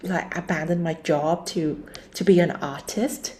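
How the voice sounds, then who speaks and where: A woman with a warm, mellow voice pitched a little low speaks gently and encouragingly. She is in a reflective conversation. Faint background noise sits behind her. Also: steady tone, a little slow.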